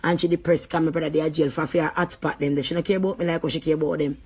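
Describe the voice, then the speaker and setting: A woman's voice: low-pitched, fairly even intonation, rapid-fire, darkish tone. A woman speaking in a Jamaican accent vents in a vlog, her voice heated and full of swearing. She tells a long story in a loose, rambling way and keeps coming back to her anger. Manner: heated, profane, venting. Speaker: vlogger. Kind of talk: angry storytelling rant.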